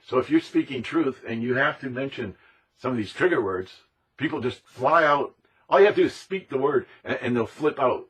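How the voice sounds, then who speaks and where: A man's voice: medium pitch, a bit bright, breathy edge. A man delivering an impassioned, emphatic monologue, repeating himself and now and then mimicking other people's voices. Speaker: speaker on conspiracy topics.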